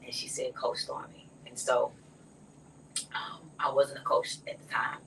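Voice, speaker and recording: A woman talks softly in a relaxed conversation and often sinks to a near whisper. Her voice is bright. She sits some way from the mic, with faint noise behind her. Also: rumbling low, measured pace, creaky, distant mic, rough recording. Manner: soft-spoken, often drops to a near whisper. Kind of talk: casual conversation.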